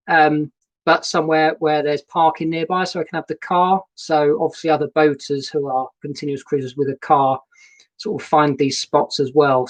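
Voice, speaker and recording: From inside a narrowboat cabin, a male vlogger runs a casual live-stream chat, greeting viewers by name in a relaxed, meandering way. His voice is a little high, and the low-quality sound comes through a laptop webcam plus a new microphone.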